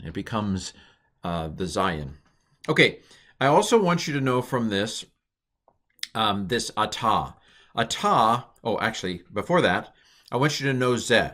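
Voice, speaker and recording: A man with a fairly low voice explains grammar in a recorded lesson. His delivery is informal and lively, full of quick asides and restarts, like a teacher talking a class through slides.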